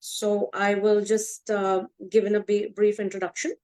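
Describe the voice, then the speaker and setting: A woman's voice: medium pitch, monotone, moderate pace, darkish tone, rough recording. A woman hosting a session, reading a formal introduction in a ceremonious tone, with small hesitations. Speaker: host.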